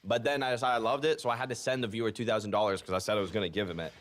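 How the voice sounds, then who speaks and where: A podcast co-host defends his habits in a laid-back way and shrugs off the teasing. His voice sits fairly low. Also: fairly even intonation, very fast. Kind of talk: casual podcast banter.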